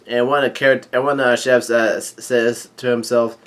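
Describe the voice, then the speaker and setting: A man reads a comic chapter aloud in a plain, mid-pitched voice. He stumbles and restarts often and fills gaps with "uh" and "um". He tosses in his own casual remarks between the lines he reads. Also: level tone. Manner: halting, many fillers and restarts; reads dialogue aloud with light commentary. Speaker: manga chapter reader. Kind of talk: casual manga read-through.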